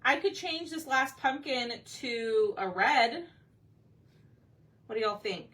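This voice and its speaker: Bright-voiced woman painting live. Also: fairly high pitch, expressive, takes it slowly. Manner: chatty, thinks aloud, asks viewers for input. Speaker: craft painting host. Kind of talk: casual live painting chat. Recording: slightly distant mic with faint background noise.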